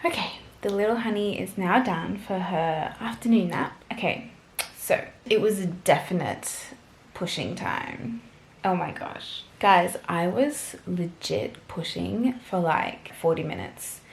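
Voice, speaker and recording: A woman's voice: fairly low pitch, animated, slow, gravelly, roomy sound. A young woman vlogger telling a personal story to camera in a chatty, gushing way, full of fillers.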